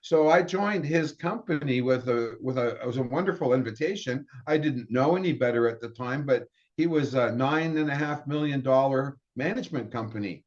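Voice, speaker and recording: A man's voice: mid-range voice, moderate pace, few pauses. A middle-aged man telling his career story in a casual way, with restarts and acted-out quotes. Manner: rambling, with restarts and quoted dialogue. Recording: dull lo-fi sound.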